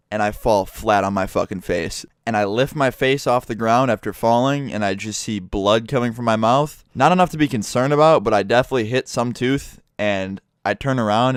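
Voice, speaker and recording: A man's voice: lowish voice, clear, resonant tone, dry recording. A young man telling a rambling, self-mocking story with lots of swearing, speaking into a close mic. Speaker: YouTuber. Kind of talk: casual storytelling vlog.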